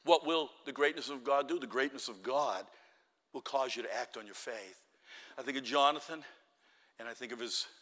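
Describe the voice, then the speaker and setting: High-voiced, bright preacher in a hall. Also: male voice. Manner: animated storytelling, acts out Bible characters, shouts at peaks. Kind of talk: sermon. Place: church hall. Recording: long reverb of a hall.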